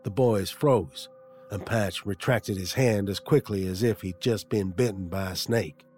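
A man's voice: lowish voice, unhurried, a little mellow. A man narrating a comic audiobook in a wry storytelling manner.

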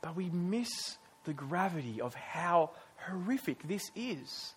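Male pastor with a high voice, earnest sermon delivery, emphatic with dramatic pauses. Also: big pitch swings, breathy edge. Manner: casual asides among dramatic emphasis.

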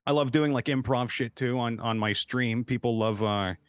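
A man's voice: medium pitch, moderate pace, no echo. A man chatting casually as a streamer, telling stories with lots of swearing and laughter. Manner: animated storyteller, jumps into quoted voices; swears freely, laughs often. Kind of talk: casual chat.

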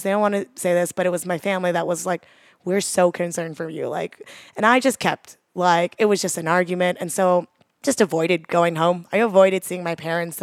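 A woman's voice: fairly low pitch, smooth, dry recording, studio quality. A woman, earnestly telling a personal story in a chatty way, full of "like". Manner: chatty, heavy use of "like", earnest.

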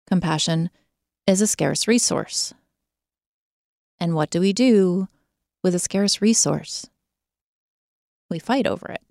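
A woman hosting a podcast, talking straight to listeners in an expressive, emphatic conversational monologue. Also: on the low side, no echo, clean studio sound. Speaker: podcast host.

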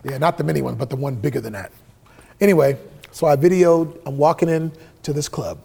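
A man's voice: on the high side, fairly quick, vocal fry, slightly rough. A middle-aged man telling stories in a casual interview, swearing freely and acting out the dialogue he quotes. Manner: profane, animated storyteller who acts out quoted dialogue. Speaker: interview guest, musician.

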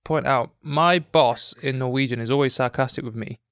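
A man co-hosting a casual podcast chat, thoughtful and a little halting, poking fun at himself. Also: medium pitch, fairly bright tone, clean tone, no room sound, studio quality. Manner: thoughtful, halting, self-deprecating. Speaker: podcast co-host.

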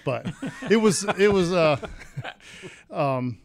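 A man's voice: sits high, very slow, gravelly. A man who works as a team equipment manager, chatting casually and easily as a guest. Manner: relaxed, chatty, with laughs. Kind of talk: casual interview chat.

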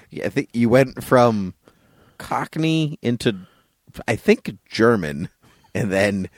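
A man's voice: medium pitch, animated, slow pace, no echo, studio quality. A man hosting a podcast in casual chat, laughing often and teasing his co-host.

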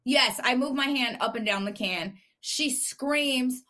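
A woman podcast co-host telling a profane, animated story in casual chat. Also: high voice, slow pace.

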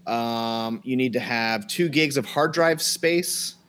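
A man co-hosts a relaxed photography podcast with a teasing, joking manner. His voice sits at an average pitch for a man. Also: slow pace. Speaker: podcast co-host. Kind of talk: casual podcast chat.

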